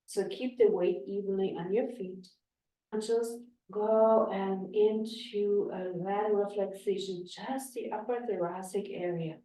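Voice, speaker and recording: Woman yoga teacher talking thru a class real slow and calm, lots of echo, sounds far from the mic. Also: medium pitch. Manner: slow, calm spoken cues. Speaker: yoga instructor. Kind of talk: guided yoga class instruction. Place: yoga studio. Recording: echoey room, voice from afar.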